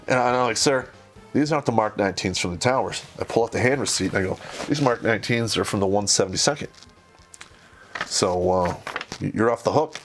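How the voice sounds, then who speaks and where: A man's voice: on the low side, a little fast, faint music behind. Profane man telling a war story. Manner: profane, animated, acts out quoted voices. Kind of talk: casual storytelling.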